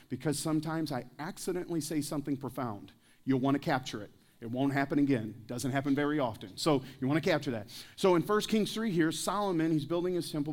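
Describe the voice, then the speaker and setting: Joking pastor, slightly high voice. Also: male voice, darkish tone. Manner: joking, anecdotal storytelling; addresses the congregation with questions. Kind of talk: sermon. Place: church service.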